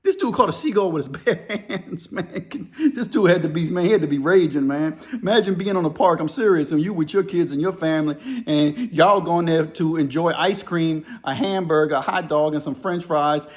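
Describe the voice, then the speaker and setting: Slangy, excitable male host riffing on crime news; voice sits a bit high. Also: moderate pace, hardly any pauses. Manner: animated, slangy, laughs while talking. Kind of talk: casual commentary on a news story.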